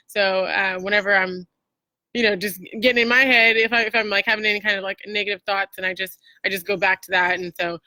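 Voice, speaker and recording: A woman's voice: medium pitch, pushed and bright, no echo. A woman hosting a casual motivational talk, chatty and full of fillers and restarts. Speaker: host.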